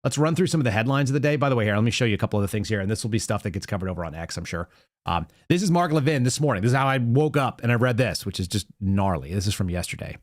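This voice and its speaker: A man's voice: on the low side, animated, rapid-fire, dry recording, studio quality. A man hosting a political podcast, telling stories in a conversational way and often restarting his sentences as he goes. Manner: conversational storytelling with quoted dialogue and restarts. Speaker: podcast host. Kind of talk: casual political commentary.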